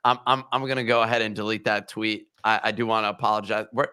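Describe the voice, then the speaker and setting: A man co-hosting a casual crypto chat on a live audio space, joking and self-mocking with animated outbursts. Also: lowish voice, fast talker, clean tone. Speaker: co-host.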